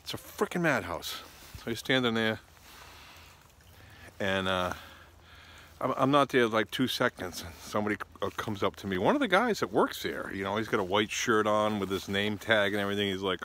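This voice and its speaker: A man's voice: fairly low pitch, lively intonation, fairly quick, a bit bright. A man from the United States telling a travel story in a casual, rambling, exasperated way.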